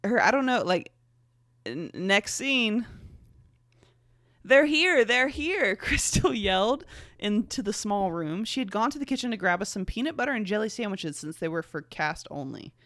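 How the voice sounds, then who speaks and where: A young woman hosts a podcast, reading her own old fanfiction aloud and breaking off into sarcastic, profane asides that laugh at herself. Her pitch swings widely, and the recording is dry and close. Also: animated, moderate pace, fairly bright tone, no echo. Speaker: podcast host.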